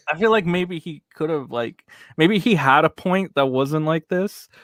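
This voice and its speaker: A man co-hosting a podcast, chatting casually in a relaxed, slangy way. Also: a little high, a little slow, no room sound, studio quality. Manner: relaxed, drawling, uses slang like bro. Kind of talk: casual commentary chat.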